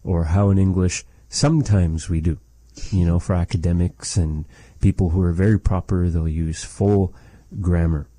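A man teaching phrases of a language, explaining thoughtfully and pausing to search for words. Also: low voice, fairly even intonation, mellow, no room sound.

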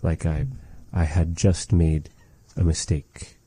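Low, dark-voiced man teaching calmly. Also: breathy edge, dry recording. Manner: measured, thoughtful, with many fillers and pauses. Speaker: language teacher. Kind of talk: relaxed conversational language lesson.

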